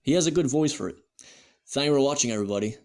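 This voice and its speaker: A man's voice: medium pitch, lively intonation, very fast, darkish tone. A man hosting a comedy show, signing off in a wry, lightly amused way. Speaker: host. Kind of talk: comedic sign-off.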